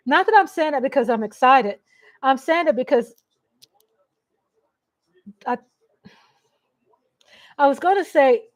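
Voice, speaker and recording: Middle-aged woman, livestream host at home on a desk mic, slightly high voice, rambling and chatty. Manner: chatty and rambling, reads viewer comments aloud; emotional, laughs often. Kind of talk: casual live commentary. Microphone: USB desk mic.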